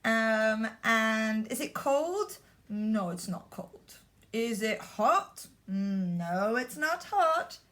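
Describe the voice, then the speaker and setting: A woman teacher giving a remote vocabulary lesson to young children, talking slowly with repeated, encouraging prompts. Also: a little high, expressive, a bit bright. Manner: slow, repetitive, encouraging prompts.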